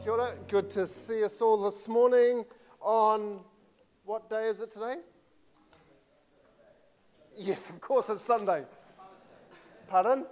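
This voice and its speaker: A man's voice: high voice, darkish tone, long reverb tail. A man speaking to his church in a chatty, joking, self-deprecating way. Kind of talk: casual sermon introduction. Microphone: clip-on microphone.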